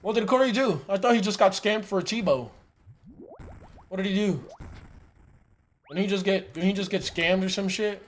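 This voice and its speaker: A man's voice: sits high, normal speed, long pauses, a little hiss or hum. A man streaming live and reacting to a video in casual chat, swearing and venting with frequent "bro" and "dude". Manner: profane, exasperated outbursts; calls listeners bro and dude.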